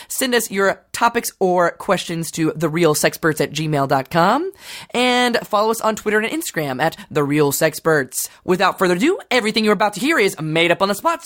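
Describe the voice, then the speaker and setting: A man, co-producer of a comedy podcast, quickly reading out promos and show plugs. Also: sits high, fairly bright tone.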